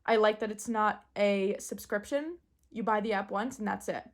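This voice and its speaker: A woman in casual, excitable chat, gushing and giggling as she shows off a new deck. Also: medium pitch, normal speed. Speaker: tarot deck reviewer.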